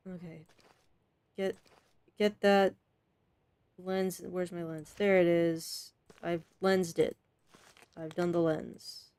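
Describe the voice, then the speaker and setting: A woman's voice: fairly low pitch, darkish tone, smooth, no echo. A woman streamer playing a game, talking to herself in a chatty, casual way and laughing often.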